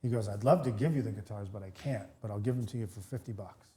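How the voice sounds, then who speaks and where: Storytelling man with a mellow voice. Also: fairly low pitch, fast talker, a little hiss or hum. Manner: animated storyteller, many restarts, acts out both sides of dialogue. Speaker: podcast co-host, real estate broker. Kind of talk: casual storytelling chat.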